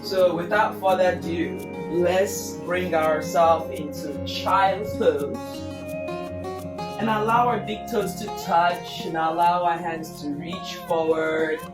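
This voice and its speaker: Slow, calm yoga teacher in an echoey room. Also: medium pitch, distant mic, over music. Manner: slow, soothing cues paced to the breath. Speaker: yoga instructor. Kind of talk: guided yoga class instruction.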